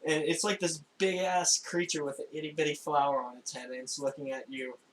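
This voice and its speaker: A young man narrating a tabletop game as game master, in a casual, halting way with frequent laughs. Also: fairly high pitch, flat delivery, a bit bright, slight background noise, low-quality recording. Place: home room, recorded for a stream.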